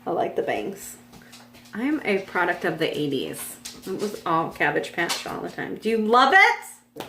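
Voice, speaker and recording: A woman's voice: on the low side, very animated, a little slow, bright, forceful tone, reverberant, a little hiss or hum. A woman in her forties on a farm, chatting in a rambling, casual way with frequent fillers. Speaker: vlog host. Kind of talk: casual chat. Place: home on a farm.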